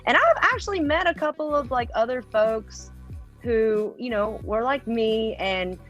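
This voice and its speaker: A woman's voice: a little high, unhurried, highs cut off, faint music behind. A young adult woman with a North Carolina accent, chatting casually as an interview guest. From rural North Carolina, US. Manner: relaxed, chatty, many "like" fillers. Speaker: guest, TikTok creator.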